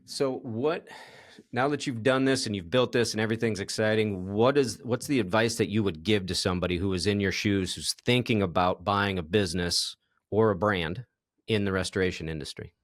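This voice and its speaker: A man hosting a casual interview, telling a story in a relaxed way and laughing at his own anecdote. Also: lowish voice, fairly quick, dry recording, clean studio sound. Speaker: podcast host.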